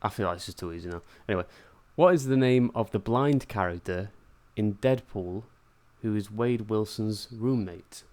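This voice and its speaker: A man with a lowish voice hosts a casual podcast quiz. He reads questions loosely and laughs along with the panel. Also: normal speed, hardly any pauses, a little mellow. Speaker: quiz host.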